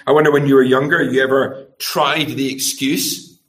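With a medium-pitched, fairly bright voice and fairly even intonation, a middle-aged preacher delivers his sermon at a moderate pace. He poses rhetorical tag questions to the congregation and performs quoted speech, shifting voices as he goes.

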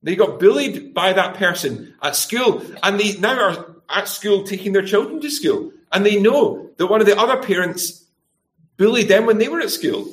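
Here a middle-aged preacher speaks at a moderate pace in a high, fairly bright voice with lively intonation. His sermon includes rhetorical tag questions for the congregation, and he voices quoted speech in varied tones.

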